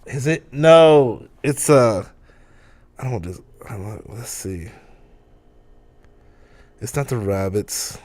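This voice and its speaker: A man's voice: mid-range voice, lively intonation, slow, pauses often, darkish tone, no room sound. Swearing laid-back young podcast guy. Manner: laid-back, swears freely, laughs often. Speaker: podcast co-host. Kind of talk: casual chat.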